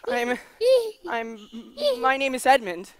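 A woman's voice: high voice, huge pitch swings, slow pace, gravelly, fairly bright tone, dry recording, heavily acted. A woman voicing a sulky boy who stammers when frightened. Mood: nervous. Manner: stammering, whiny. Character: sulky boy, nervous before the queen. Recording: music bed behind.

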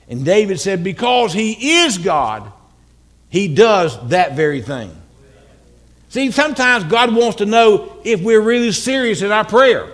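A man preaching a church sermon, animated and dramatic, breaking into shouted calls and humorous asides. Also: high-pitched, a little slow. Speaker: pastor. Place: church sanctuary.

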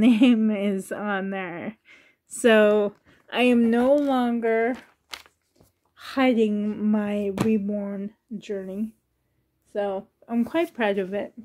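On her vlog, a reborn doll collector and YouTuber in her thirties talks casually in a warm, medium-pitched voice. She sounds sensitive and close to tears, laughing nervously as she goes.

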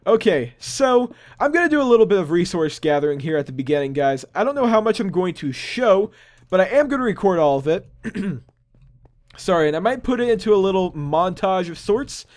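A man's voice: high-pitched, sing-song, normal speed. A young man hosting a gaming channel, chatting casually and rambling with upbeat, self-amused asides while he plays. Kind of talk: casual gameplay commentary.

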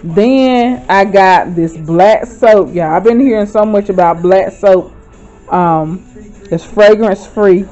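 A woman talks straight to her viewers, chatty and excitable, constantly calling them "y'all." She speaks at an ordinary middle pitch. She is recorded at home on a camera mic, and the sound is dull and slightly lo-fi. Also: slow pace, faint music behind. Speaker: vlogger. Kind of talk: casual haul vlog.

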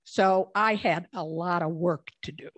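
A woman's voice: lowish voice, unhurried, fairly bright tone, no echo. A woman in her sixties from Minnesota, a guest telling humorous career anecdotes in an interview. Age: 60s. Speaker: guest speaker. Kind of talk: storytelling in interview.

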